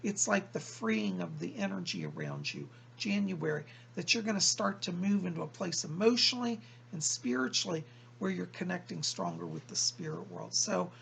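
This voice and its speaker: A man working as a psychic medium, relaying messages from a spirit to a viewer and repeating "he said" as he passes the words along in slow, drawn-out phrases. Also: high voice, very animated, creaky, a bit bright, slight background noise. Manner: keeps quoting the spirit with "he said".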